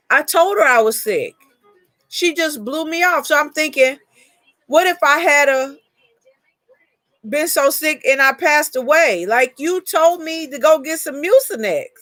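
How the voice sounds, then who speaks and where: Lady chatting on her live stream, rambly storytelling, kinda high voice, dry close sound. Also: lively intonation, a little slow, a bit bright, no echo. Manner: rambling personal storytelling, greets chat viewers. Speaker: live chat host. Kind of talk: casual live chat.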